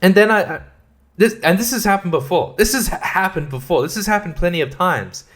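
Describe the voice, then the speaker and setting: A man's voice: high-pitched, brisk, a bit bright. An Australian man in his thirties ranting profanely and exasperatedly as a solo podcast host, laughing at his own complaints. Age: 30s.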